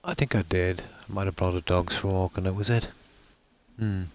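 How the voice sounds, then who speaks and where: A man's voice: low voice, fairly even intonation, fairly quick, no room sound. A man from Ireland with an Irish Midlands accent, chatting casually with viewers while he plays, rambling with many fillers. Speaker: streamer.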